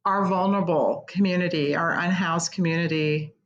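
A woman's voice: on the low side, steady tone, normal speed, highs cut off. A middle-aged woman with a Midwestern American accent, talking candidly and earnestly as an interview guest about her work. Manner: candid, earnest, tearful at times. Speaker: executive director of a concert pavilion, guest. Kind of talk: emotional interview conversation.

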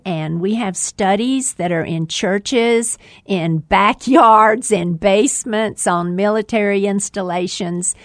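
A woman's voice: medium pitch, dry recording, studio quality. A woman guest on a podcast giving folksy, emphatic advice about making connections. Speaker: guest, women's ministry leader. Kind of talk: podcast interview.

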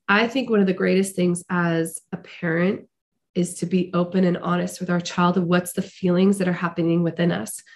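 A middle-aged woman hosting a podcast, speaking slowly and earnestly in a heartfelt, reflective motivational monologue. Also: fairly low pitch, darkish tone. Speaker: podcast host.

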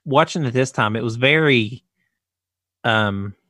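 A man's voice: mid-range voice, unhurried, sharp tone, dry recording, studio quality. A man co-hosting a podcast in casual chat, speculating with confidence. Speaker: podcast co-host.

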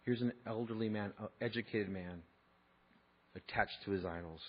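A man's voice: lowish voice, moderate pace, breathy edge, highs cut off. A man preaching a sermon, conversational and emphatic, mixing scripture with personal stories. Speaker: pastor.

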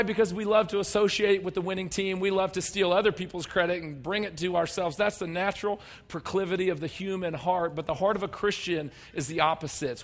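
A man preaching a sermon as pastor, conversational and humorous, swinging between loud emphatic bursts and quiet low asides. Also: steady tone, brisk, hardly any pauses. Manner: conversational and humorous, acting out people's voices.

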